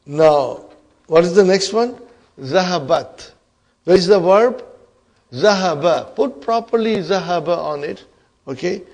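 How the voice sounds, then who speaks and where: A man leads a grammar lesson in a classroom, speaking at a slow, deliberate pace in a slightly raised voice. He keeps turning to the students with quick questions and checks that they are following. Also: sits high. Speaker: Arabic teacher.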